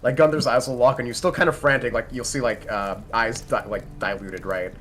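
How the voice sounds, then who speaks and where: A man's voice: medium pitch, steady tone, fairly quick, a bit bright, a little hiss or hum. A man describing his character's actions in a tabletop game, rambling with many fillers. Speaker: player.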